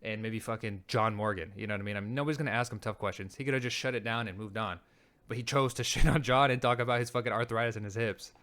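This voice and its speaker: A man's voice: lowish voice, a bit bright, clear, resonant tone. A man hosting a show, ranting heatedly and with lots of swearing as he reacts to clips. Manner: heated, profane, rapid ranting. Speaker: show host. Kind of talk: casual commentary on clips.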